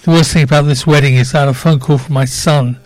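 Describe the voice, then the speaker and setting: Older male co-presenter, wry anecdotal style, a bit high, dry close sound. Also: fairly even intonation, quick pace, darkish tone, dry recording. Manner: storytelling, wry. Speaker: radio co-presenter. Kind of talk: casual radio banter.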